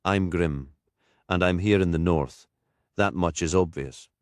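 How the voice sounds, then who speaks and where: A man's voice: low-pitched, measured pace, no room sound, studio quality. A man voicing a scarred, weary male detective who speaks tersely and wryly, in an audiobook. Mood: irritated. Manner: terse, wry. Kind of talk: audiobook character voice.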